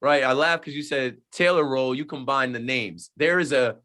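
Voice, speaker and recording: A man's voice: medium pitch, normal speed. A man from the New Jersey shore, a sports radio host, chatting on a podcast in an emphatic way and acting out the people he quotes. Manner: emphatic, acts out quoted exchanges in lively voices. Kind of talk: casual podcast chat.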